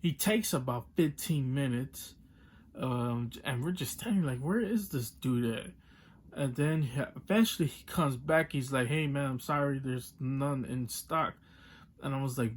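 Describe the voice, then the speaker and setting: A man's voice: mid-range voice, measured pace. A young man telling a frustrated story in a casual vlog rant, acting out both sides of the talk, with many fillers. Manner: exasperated, retells with quoted dialogue and many fillers. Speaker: toy collector vlogger.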